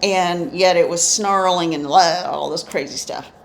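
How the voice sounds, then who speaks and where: A woman's voice: lowish voice, measured pace, gravelly, slight background noise. A woman medium telling her experiences in a rambling, reflective way, with many restarts. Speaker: spiritual medium. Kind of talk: instructional storytelling. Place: indoors, eyes often closed while talking.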